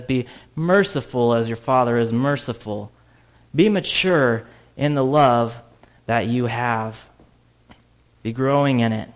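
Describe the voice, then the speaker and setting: A man preaching a conversational sermon, full of fillers and restarts, with sudden loud, laughing bursts. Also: medium pitch. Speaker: pastor.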